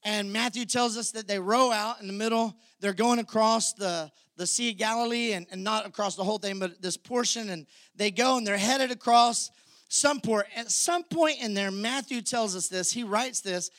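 A man preaching a sermon, telling a story with lively acted-out voices. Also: high voice, normal speed, no room sound. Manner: animated storyteller, acts out the disciples' panic. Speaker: pastor.

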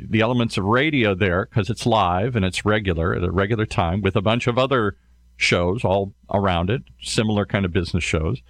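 A middle-aged man talking casually as a radio show guest, telling his story in an animated way. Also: on the low side, no room sound.

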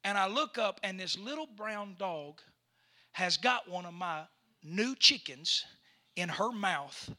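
A man, a pastor telling a story in a sermon that builds into loud preaching. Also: high-pitched, lively intonation, slow pace.

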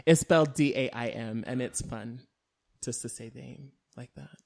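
A man's voice: mid-range voice, normal speed, creaky. A man guesting on a podcast, talking in a flamboyant, campy, giggly way in casual chat.

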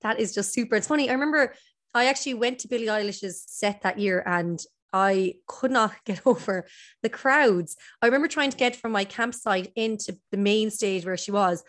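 A woman's voice: mid-range voice, moderate pace, fairly bright tone. A woman hosting an interview, chatty and enthusiastic in a casual conversation. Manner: chatty, enthusiastic, talks over. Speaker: podcast host.

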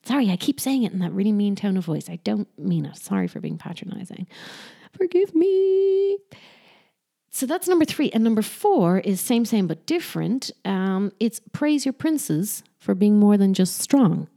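This woman has a mid-range, warm voice with vocal fry and lively intonation, talking at normal speed with barely a pause. Chatty and casual, she gives parenting advice, fixing her sentences as she goes and putting on sing-song voices for quotes.

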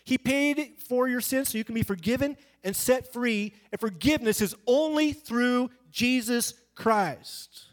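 A man with a high voice preaches an evangelistic sermon in an emphatic, conversational style, doing little character voices for the people in his stories. His delivery rises and falls sharply for effect. He speaks unhurriedly yet hardly pauses.

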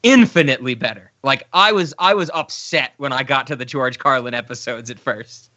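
A man co-hosting a podcast in casual chat, enthusiastic and quick to laugh. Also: medium pitch, pushed and bright. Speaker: podcast co-host. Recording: slightly dull, lo-fi recording.

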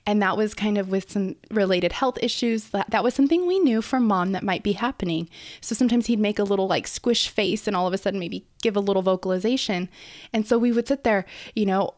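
A woman's voice: medium pitch, fairly quick, a little mellow, dry recording, studio quality. A young woman hosting a casual educational podcast as a speech therapist, explaining in her early-morning voice with many fillers and restarts.

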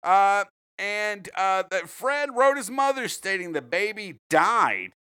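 A man's voice: high voice, sing-song, takes it slowly, sharp tone, clean tone. A man, co-hosting a casual podcast chat, joking and swearing as he rambles. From US South. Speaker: podcast co-host.

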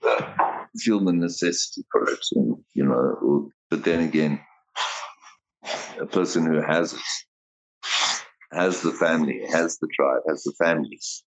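A man's voice: very deep voice, unhurried, long pauses, low-quality recording. A man, co-hosting a podcast in casual chat, rambling and heartfelt, with frequent laughs and restarts. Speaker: podcast co-host.

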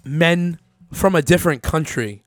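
A man's voice: a little high, unhurried, no room sound. A young man co-hosting a casual podcast, brash and crude, teasing the others into a studio mic. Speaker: podcast co-host.

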